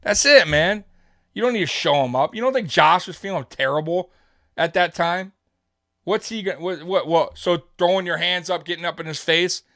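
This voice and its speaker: A man's voice: sits high, moderate pace, a bit bright, no echo, studio quality. A man hosting a live sports show, talking straight to his viewers in a heated, rambling fan commentary.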